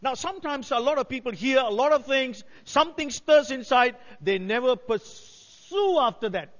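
A man's voice: very high voice, lively intonation, normal speed, fairly bright tone. A male pastor preaching a sermon, building to emphatic cries. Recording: dull sound in a reverberant hall.

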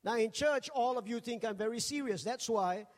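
A male pastor preaching a sermon in a jokey, animated storytelling manner. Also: very high voice, normal speed, in a large hall. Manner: jokey, animated, acts out quoted voices.

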